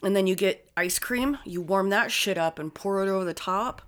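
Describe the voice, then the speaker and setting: A woman chatting casually, animated and swearing freely as she acts out funny stories. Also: medium pitch, normal speed. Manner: animated storyteller, swears often, acts out quotes. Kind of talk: casual chat.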